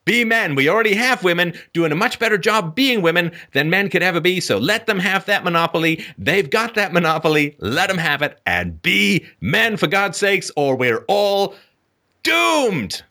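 A man's voice: high-pitched, lively intonation, normal speed, few pauses, pushed and bright. A middle-aged man hosting a call-in show, delivering an emphatic, sarcastic rant broken up by laughs and mocking put-on voices. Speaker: host.

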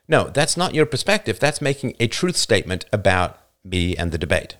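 Brief: a fifties man hosting a live show, argumentative and emphatic, chuckling now and then, fairly low-pitched. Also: very animated, fairly quick, few pauses, a bit bright. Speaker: livestream show host. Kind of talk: live show talk answering listener comments.

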